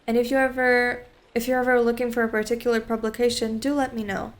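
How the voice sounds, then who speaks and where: A fussy old bookseller, read aloud by a woman talks up his wares in a chatty, slightly pompous way. The voice sits fairly high. He comes from a visual novel being read aloud. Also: level tone, fast talker, close to an everyday voice.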